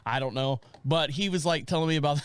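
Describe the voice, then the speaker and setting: A fast-talking man in his forties with a fairly high, clean-toned voice co-hosts a casual podcast chat. Animated as he tells a story, he quotes his neighbor using put-on voices.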